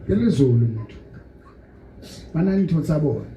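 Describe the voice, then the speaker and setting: Brief: male preacher, fairly high voice, leads call-and-response prayer in a noisy echoing church. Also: expressive, fairly quick, mellow. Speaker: prophet leading a church service. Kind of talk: sermon and led prayer. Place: church hall with congregation. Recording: echoey noisy church hall.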